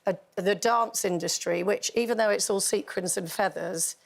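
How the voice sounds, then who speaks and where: Chat show panelist, woman, animated ranter, gravelly edge. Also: mid-range voice, moderate pace. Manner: animated, rants with laughter. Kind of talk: casual studio chat.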